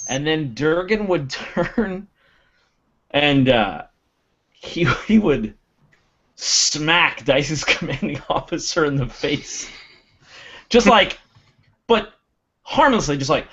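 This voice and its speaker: Player, man, fairly high and very lively, muffled lo-fi audio. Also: slow pace, pauses often. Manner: animated, laughing often. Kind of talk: casual game chat. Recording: dull lo-fi audio.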